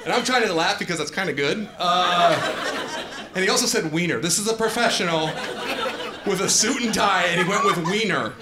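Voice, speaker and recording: A man in his forties doing an animated stand-up comedy set on a club stage, telling stories and jumping into shouted asides, with audience laughter in the recording. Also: high voice, brisk, over a noisy crowd, heavy background noise.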